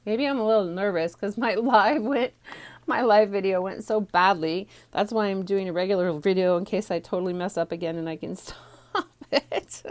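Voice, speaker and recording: A woman's voice: mid-range voice, moderate pace. Woman chatting thru a card stamping tutorial, lots of ums, bit out of breath, phone mic. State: a little out of breath. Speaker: stamping demonstrator teaching a card class. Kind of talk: casual craft tutorial. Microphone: phone on a small tripod.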